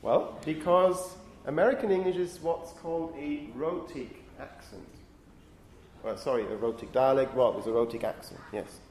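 A man lecturing university students on phonetics, lively and often putting questions to the class. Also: medium pitch, moderate pace, slight background noise. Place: lecture hall. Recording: echoey lecture hall.

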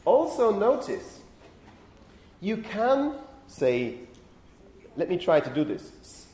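A man's voice: fairly high pitch, sing-song, unhurried, mellow. Man lecturing in an echoey classroom. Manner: explanatory, thinking aloud, frequent checks with students. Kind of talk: university lecture on phonetics. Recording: echoey classroom with faint ambient noise.

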